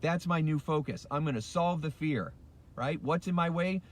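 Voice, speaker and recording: A man's voice: on the high side, normal speed. Passionate middle-aged man ranting in a car. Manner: passionate, emphatic, repeats key phrases. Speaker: life coach and hypnotist. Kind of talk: motivational rant. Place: in a car at a red light.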